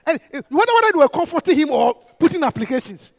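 A man delivers an animated sermon, often laughing and breaking into shouts. His voice sits very high and swings up and down in pitch. The sound is close and dry. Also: fast, creaky, no room sound. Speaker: preacher.

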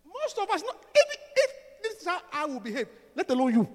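A man preaching a sermon in a church, swinging from soft talk to shouting and laughing often. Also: extremely high pitch, huge pitch swings, fairly quick, big-room sound.

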